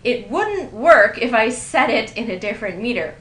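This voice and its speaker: This writing instructor's voice is a touch high, sing-song and a bit bright, moving at a normal speed. Recorded in a roomy space, her grammar lecture mixes lightly amused explanation with example sentences read aloud.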